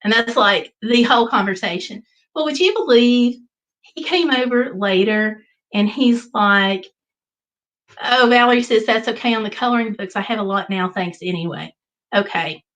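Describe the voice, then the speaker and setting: A woman hosting a casual livestream, telling a travel story in an animated way and reading viewer comments aloud. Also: a little high, moderate pace, low-quality recording. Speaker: livestream host. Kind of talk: casual live chat.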